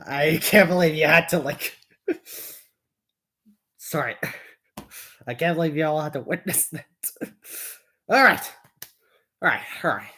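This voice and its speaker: A woman's voice: low voice, lively intonation, takes it slowly, pauses often, fairly bright tone, slightly rough. A woman chatting casually on a live stream, rambling and giggling, with lots of fillers.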